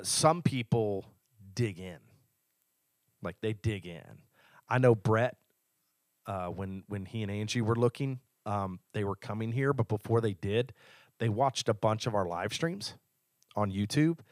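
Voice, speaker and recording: A man's voice: fairly low pitch, unhurried, dry recording, clean studio sound. A man co-hosting a church podcast as an elder, talking in an eager, teasing, casual way. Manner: enthusiastic, teasing. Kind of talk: casual chat.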